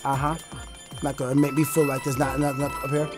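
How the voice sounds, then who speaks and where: A man giving excitable let's play commentary on a video game, chatty and prone to shouting when thrilled. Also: medium pitch, quick pace. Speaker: gaming YouTuber. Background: faint game music.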